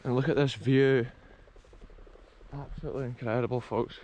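A man's voice: mid-range voice, fairly even intonation, normal speed, a little mellow, dull audio. A man with a Scottish accent narrating a casual walking vlog on a windy rural hillside, enthusiastic and often calling his viewers folks. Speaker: vlogger exploring abandoned places.

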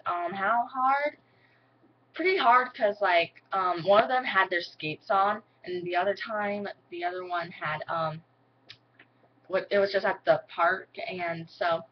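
A woman's voice: medium pitch, a little slow, slightly rough, muffled recording. A young woman chatting to camera in a rambling, giggly way, filling her talk with "like", recorded indoors at home. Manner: rambling, giggly, heavy use of "like". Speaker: vlogger. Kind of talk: casual chat to camera.

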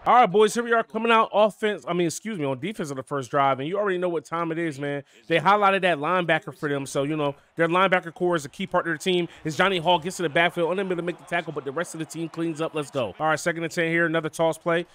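A young man calls his own game at a rapid clip, in a voice that sits a little high for a man. He narrates casually to his viewers, hyped up, with sudden bursts of excitement on big moments. The feel is casual gaming commentary from a channel host.

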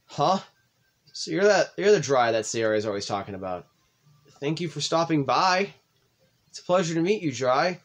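A man's voice: on the high side, expressive, normal speed, long pauses, voice pushed up, natural voice. A man voicing a shy, formal teenage girl in a visual novel read-through. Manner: polite and hesitant.

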